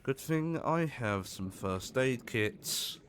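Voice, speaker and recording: A grumpy, cursing man with a silly put-on accent, as a gamer puts him on drawls his complaints. The voice sits well above the performer's normal pitch and drags along slowly. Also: lively intonation, fairly bright tone, a little hiss or hum. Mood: grumbling. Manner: grumbling and cursing.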